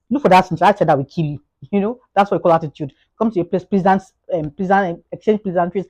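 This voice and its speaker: Nigerian-accented woman, quick motivational vlogger, repetitive, animated. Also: lowish voice. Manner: repetitive, fast, grows animated with acted-out anecdotes. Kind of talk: casual motivational monologue.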